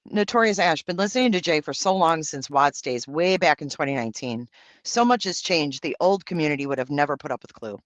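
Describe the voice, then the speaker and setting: A man's voice: on the high side, animated, brisk, fairly bright tone, no echo. A man hosting a livestream, reading out and answering viewer comments in brash, profane, campy banter. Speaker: livestream host.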